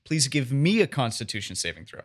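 A man narrating a tabletop game as game master, describing scenes in an animated way. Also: medium pitch, brisk. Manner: animated, descriptive, chuckling at slips.

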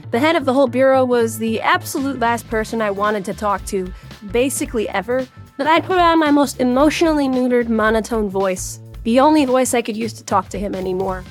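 A woman's voice: on the high side, a little fast. A woman narrating a first-person story with a wry, sardonic tone, faint music underneath.

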